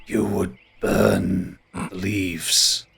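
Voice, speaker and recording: A man voicing an ancient male tree spirit that speaks slowly and gravely. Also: little pitch movement, fairly bright tone, faint music behind, exaggerated voice. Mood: solemn. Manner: slow, low, grave delivery.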